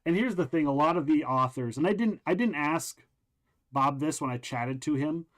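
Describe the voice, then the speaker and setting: A man hosting a show, casually chatting while walking through a video game, rambling with many pauses and restarts. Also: a little high. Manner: rambling, relaxed, lots of ums and restarts. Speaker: show host. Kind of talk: casual game walkthrough chat.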